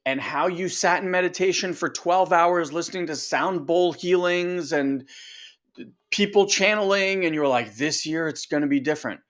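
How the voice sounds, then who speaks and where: A male coach giving a motivational talk, emphatic and direct, peppering the audience with rhetorical questions. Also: a little high.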